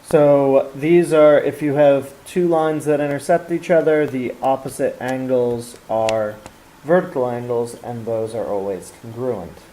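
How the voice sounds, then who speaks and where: A man with a mellow, warm voice teaches a recorded geometry lesson, explaining step by step with small fillers and restarts. A faint hiss sits under the recording. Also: medium pitch, rough recording. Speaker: math teacher.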